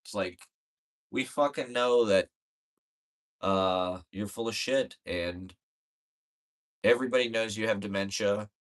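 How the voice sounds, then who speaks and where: A man's voice: lowish voice, unhurried, pauses often. A man in a casual political rant, profane, exasperated and rambling, with many fillers.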